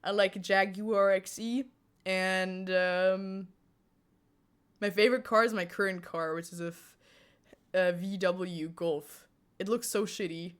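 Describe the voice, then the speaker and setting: A young woman from Germany chats on a live stream, answering her viewers in an easy, talkative way. She breaks into giggles often. Her voice sits at a middle pitch for a woman. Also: steady tone, slow pace, clean tone. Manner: giggly, chatty, answers chat with frequent laughter. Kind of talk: casual live-stream chat.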